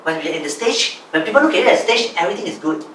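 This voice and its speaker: A man, coaching a small group in an animated way and reading aloud from his own journal. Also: high voice, rapid-fire, a little hiss or hum. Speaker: business coach. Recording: roomy, voice from a distance, faint ambience.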